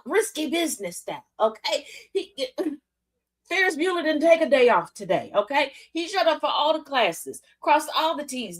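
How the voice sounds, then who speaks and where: A woman hosts a news commentary stream with a sassy, animated delivery, slipping into mimicked voices as she retells events. Her voice sits high. It jumps and dips with lively swings in pitch. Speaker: host.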